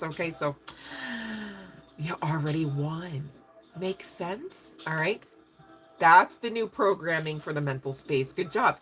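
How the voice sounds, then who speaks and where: Lady doing a tarot reading, kinda low voice, chatty and pushy, keeps asking "make sense?". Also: a bit bright. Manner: chatty, emphatic, checks in with listeners, swears casually. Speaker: tarot reader. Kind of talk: spiritual reading monologue.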